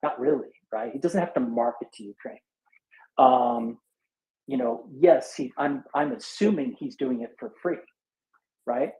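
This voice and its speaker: A tired man working through rough numbers out loud in casual chat, halting and full of fillers and restarts. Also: medium pitch. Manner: halting, thinks aloud with many fillers and restarts. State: tired after a sleepless night. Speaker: speaker in a live audio chat room. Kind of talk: casual back-of-envelope reasoning. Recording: echoey room.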